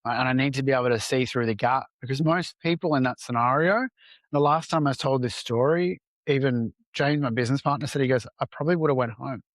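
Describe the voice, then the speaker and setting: A man's voice: medium pitch, fast, no echo. A man talking as a podcast guest, telling a personal story candidly and casually, with some swearing and acted-out bits of dialogue. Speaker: entrepreneur guest.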